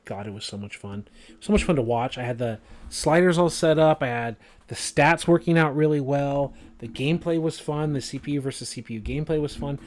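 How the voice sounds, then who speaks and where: A man's voice: mid-range voice, fairly quick. A man giving casual, rambling commentary over a video game, full of fillers and asides. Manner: rambling, filler-heavy, conversational.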